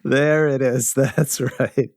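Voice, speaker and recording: A Canadian man acting as guest host, playful and quick-witted, laughing often in a casual chat. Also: mid-range voice, fairly even intonation, no echo, studio quality.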